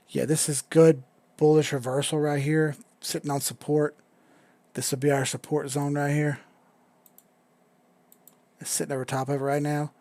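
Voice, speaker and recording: A gravelly, laid-back man with a drawl talks through charts on his live stream, drifting from point to point and swearing casually. His voice sits at an ordinary pitch and is recorded dry and close. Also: warm tone, no room sound. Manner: laid-back, rambling, swears casually, reads chat aloud. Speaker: crypto live stream host.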